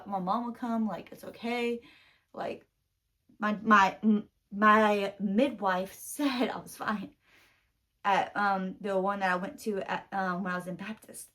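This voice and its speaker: A young woman from the American South talks straight to camera in a loose, rambling vlog. Her voice sits at an ordinary middle pitch. She retells what others said, filling pauses with "like" and "um". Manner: rambling, retells conversations with many "like"s. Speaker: vlogger. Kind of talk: casual storytelling vlog.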